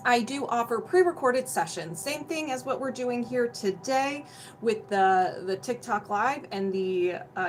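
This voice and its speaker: A woman's voice: a little high, slight background noise, low-quality recording. Bubbly woman hosting a healing livestream. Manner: bubbly, greets viewers by name, laughs often. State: hot and sweaty. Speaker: energy healing livestream host. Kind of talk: casual livestream chat and explanation.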